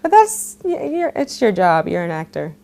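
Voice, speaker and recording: A woman's voice: on the low side, huge pitch swings, moderate pace, creaky, dark tone. Laughing young woman telling a story. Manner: laughing storyteller, acts out quotes. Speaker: actor being interviewed. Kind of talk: casual interview chat.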